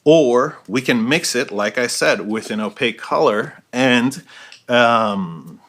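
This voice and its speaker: A man walks through a painting lesson as he works, describing each brushstroke. His voice is bright and forceful at a middle pitch. He often ends a point with a quick "right?". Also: lively intonation. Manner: explains while painting, checks in with frequent "right?". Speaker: art instructor. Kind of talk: step-by-step painting tutorial.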